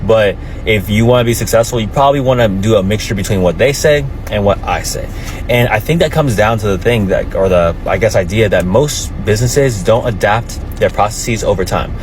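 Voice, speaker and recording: A man's voice: lowish voice, brisk, a little hiss or hum, low-quality recording. A man giving a casual opinion monologue in a conversational, rambling way, recorded outdoors near a street.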